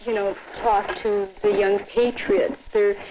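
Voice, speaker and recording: A woman talking calmly and reflectively in a documentary interview. The audio is dull and lo-fi, with faint background noise. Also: medium pitch, slow.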